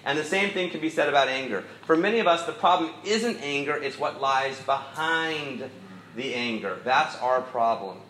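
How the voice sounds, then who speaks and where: A man's voice: medium pitch, expressive, moderate pace, a bit bright, echoey room, a little hiss or hum, rough recording. A middle-aged man preaching a sermon in an easygoing, storytelling way with self-deprecating asides. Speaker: pastor.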